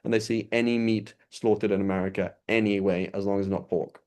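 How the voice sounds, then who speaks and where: This man's voice is on the low side, steady and darkish, and he talks a little fast. As a religious teacher, he gives an informal, conversational lesson, peppering it with rhetorical questions for his audience.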